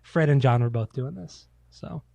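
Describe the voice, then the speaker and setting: A man's voice: mid-range voice, moderate pace, vocal fry, darkish tone, dry recording. A man co-hosting a casual podcast, telling loose, profane stories and acting out quotes. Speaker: podcast co-host. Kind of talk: casual chat.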